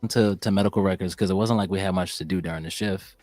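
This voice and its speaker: A young man as a podcast guest, chatting casually and telling animated, profane stories. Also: low voice, fast, no echo, faint music behind. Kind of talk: casual chat.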